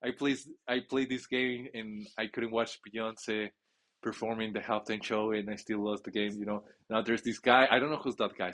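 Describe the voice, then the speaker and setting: Excitable rambling man narrating his gameplay. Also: mid-range voice. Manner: excitable, rambling, with frequent restarts. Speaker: gamer playing a football video game.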